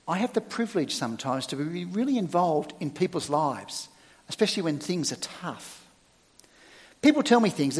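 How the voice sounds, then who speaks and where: A middle-aged male church minister preaching a sermon, with emphatic, expressive delivery and sudden loud stresses. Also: a little high, long reverb tail.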